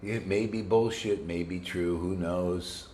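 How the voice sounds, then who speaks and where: A man's voice: sits low, fairly even intonation, unhurried, a little mellow, roomy sound, a little hiss or hum. A man preaching an informal devotional sermon to his students, blunt and combative, full of slang and restarts. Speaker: spiritual teacher.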